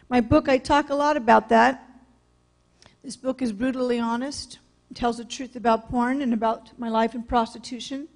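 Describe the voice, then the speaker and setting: A woman from California giving a public talk in a blunt, candid storytelling manner. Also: sits high. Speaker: speaker sharing her testimony. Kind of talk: public talk, personal testimony.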